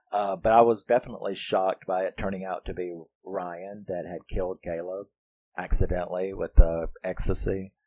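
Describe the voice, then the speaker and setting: A man with a deep voice reviews a horror film casually and profanely, laughing often and acting out its lines by quoting characters in put-on voices. His intonation stays fairly even at a moderate pace, with a slightly mellow tone and no echo.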